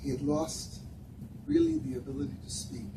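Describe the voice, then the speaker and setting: A man gives an earnest, unhurried talk, pausing often, his pitch rising and falling with lively expression. He is heard from a distance in an echoey room. Steady background noise runs underneath him. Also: gravelly. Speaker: speaker addressing volunteers. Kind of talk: reflective talk with personal stories.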